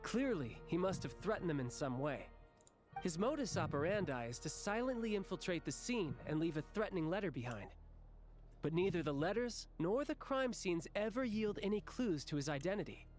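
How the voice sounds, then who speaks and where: A man's voice: sits high, very animated, moderate pace, a little mellow. A man voicing a cheerful, confident young male villain in a game, breezy and chuckling as he gives orders. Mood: playful. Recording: game voice over faint music.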